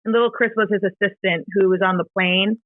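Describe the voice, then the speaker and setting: A middle-aged woman speaks as a podcast guest, recounting a painful memory in halting, emotional bursts full of fillers and restarts. Her voice sits at a middle pitch and comes through a narrow, phone-like band with no room echo at all. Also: fairly even intonation. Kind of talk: personal storytelling in an interview. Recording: dry, tinny phone-like sound.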